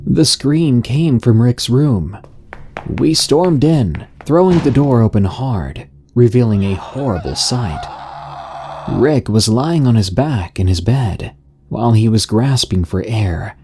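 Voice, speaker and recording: A man narrating a scary story in a slow, even, scripted storytelling delivery. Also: mid-range voice, a little hiss or hum.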